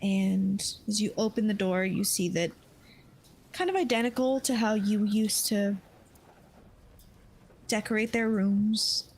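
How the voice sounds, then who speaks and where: A woman's voice: medium pitch, fairly even intonation, slow pace, pauses often, darkish tone. A woman narrating as game master of a tabletop game, hesitant with many fillers.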